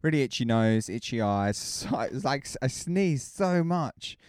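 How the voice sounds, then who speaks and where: A man's voice: medium pitch, lively intonation, a little slow, a little mellow, clean tone, no echo. Podcast co-host guy, teasing and jokey, voice jumps around a lot. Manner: teasing, banters and jokes with co-host. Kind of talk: casual chat.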